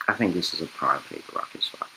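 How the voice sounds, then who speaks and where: A man's voice: rumbling low, expressive, fast, pushed and bright, slight background noise, low-quality recording. A man hosting a sports betting podcast, talking casually and rambling, correcting himself as he goes and reading ads. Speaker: podcast host.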